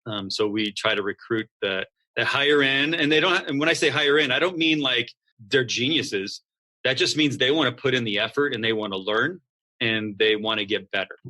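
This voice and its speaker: A man's voice: mid-range voice, fairly quick. A man who founded a school, talking casually as a podcast guest and acting out what students and coaches say. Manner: lively, acts out quoted students and coaches. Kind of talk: casual interview conversation.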